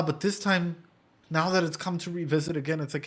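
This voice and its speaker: A young man, a psychologist, giving casual, animated reaction commentary from his streaming room, swearing freely. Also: fairly high pitch, brisk. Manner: animated, swearing, emotional, laughs and nearly cries.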